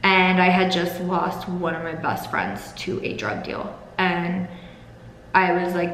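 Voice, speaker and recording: Low-voiced woman telling her story in an echoey room. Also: measured pace, a bit bright, a little hiss or hum. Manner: candid, emotional, swears freely. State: holding back tears. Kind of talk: personal storytelling. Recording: echoey room with long reverb.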